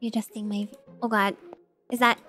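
Bright high-voiced excitable woman streamer. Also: moderate pace, soft background music. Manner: excitable, giggly, chatty with viewers. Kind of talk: casual game stream chat.

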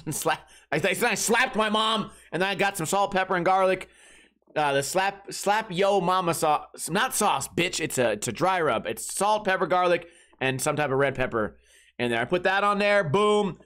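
A podcast host with a high, fairly bright voice runs a comedy show, casually telling rambling, crude, joke-filled stories about his weekend.

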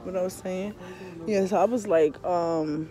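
A woman ranting loudly and profanely in a casual vlog, telling an animated story. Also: lowish voice, unhurried. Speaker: tarot vlogger. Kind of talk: casual rant to camera.

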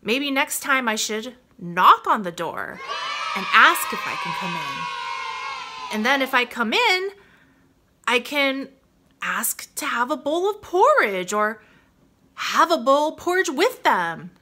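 A woman's voice: sits high, sing-song, slow, bright, forceful tone, exaggerated voice. A woman voicing a remorseful little girl thinking aloud in a children's storybook reading, reflective. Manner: reflective, self-questioning.

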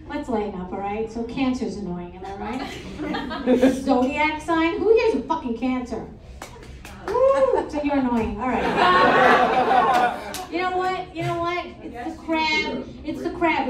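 A middle-aged woman doing stand-up in a comedy club, her voice pitched a little high and caught from a distance in an echoey room. Her delivery is crude and deadpan, and she trades jabs with the crowd. A loud audience laughs and reacts around her.

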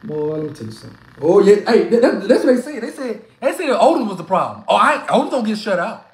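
Brief: excitable, heckling sports fan gone hoarse; pitch leaps all over, echoey room. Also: fast. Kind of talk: trash-talking reaction rant.

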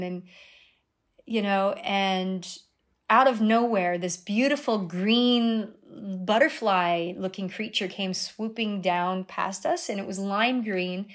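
Middle-aged woman telling a personal story. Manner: animated retelling with sudden high exclamations. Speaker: guest, dream guide.

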